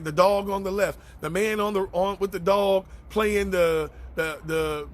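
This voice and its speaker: A man's voice: high-pitched, fairly bright tone. A man ministering on a live stream, reading out and answering viewer comments in a preacherly way and repeating phrases for emphasis. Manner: greets viewers by name between thoughts.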